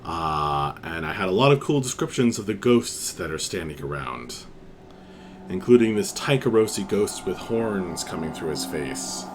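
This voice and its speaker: A man narrating as game master of a tabletop role-playing game, unhurried and full of pauses and fillers. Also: sits low, big pitch swings, a little hiss or hum.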